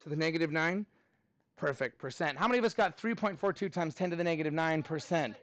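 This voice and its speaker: High-voiced upbeat math teacher. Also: male voice, fast talker, fairly bright tone, dry recording. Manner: upbeat, counts steps aloud, thinks aloud while working. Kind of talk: live class review lesson.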